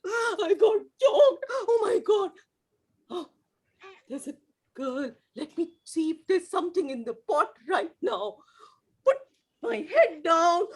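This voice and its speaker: A woman's voice: very high-pitched, fairly bright tone, heavily acted. A woman voicing a desperate, thirsty female crow in an amateur skit, wailing and pleading breathlessly.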